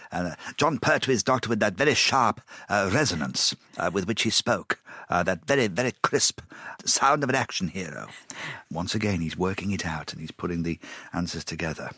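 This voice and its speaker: A man's voice: low voice, animated, moderate pace, pushed and bright, breathy edge, no echo. A man, a guest on a studio podcast, talking enthusiastically and often restarting. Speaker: guest, audiobook narrator. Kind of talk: interview, audiobook narration. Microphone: studio microphone.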